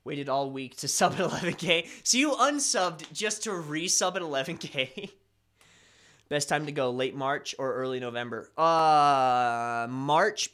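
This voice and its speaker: A man's voice: a little high, bright, forceful tone. A young man hosting a casual live stream, chatting loosely and reading viewer comments with a self-deprecating, rambling manner.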